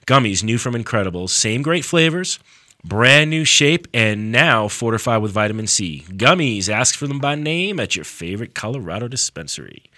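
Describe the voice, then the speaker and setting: A man's voice: medium pitch, lively intonation, moderate pace, bright, forceful tone, dry recording, clean studio sound. A male radio host in casual talk, easygoing and a little rambling as he reads sponsor copy.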